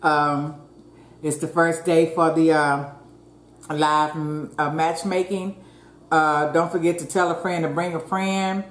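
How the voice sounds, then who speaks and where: A woman's voice: sits low, level tone, slow. Chatty woman eating on camera, roomy echo. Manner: chatty, folksy, addresses viewers as y'all; murmurs while chewing. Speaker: mukbang host. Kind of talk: casual eating chat. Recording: roomy echo, faint ambience.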